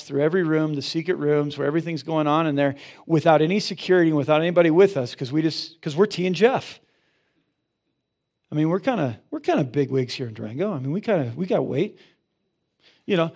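Gravelly-voiced pastor preaching a sermon. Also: male voice, fairly high pitch, a little fast. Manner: animated storytelling, rising loud for emphasis, dropping soft in prayer. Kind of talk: sermon with storytelling and prayer. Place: church sanctuary.

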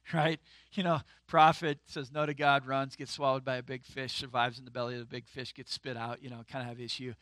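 A man's voice: mid-range voice, little pitch movement, brisk, fairly bright tone, dry recording. A man preaching a sermon in a casual, conversational way, with emphatic outbursts. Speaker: pastor.

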